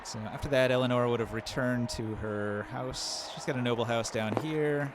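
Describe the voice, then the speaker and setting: A man's voice: mid-range voice, normal speed. Man running a tabletop game, noisy line. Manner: loose, relaxed scene-setting with fillers. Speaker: game master. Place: home setup on a live stream. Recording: noticeable background noise.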